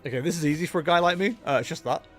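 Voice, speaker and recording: Racing along in a high-ish, somewhat bright voice, this gaming livestreamer gives loose live commentary, chatty and self-mocking with jokey asides. Faint music plays behind him.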